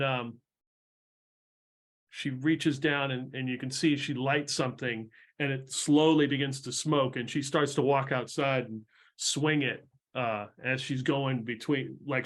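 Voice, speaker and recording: A man's voice: mid-range voice, fairly bright tone. A man narrating a tabletop game as game master, in a casual style full of fillers.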